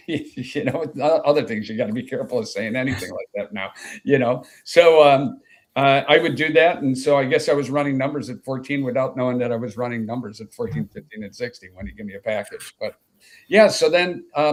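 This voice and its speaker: A man in his sixties from Chicago telling long stories as an interview guest, rambling with many fillers and asides. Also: medium pitch. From Chicago, USA. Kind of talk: anecdotal storytelling in an interview.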